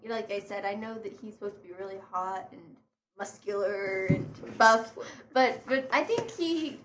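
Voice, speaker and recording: A woman's voice: mid-range voice, unhurried, slight background noise. A woman guest in a casual chat, curious and full of questions.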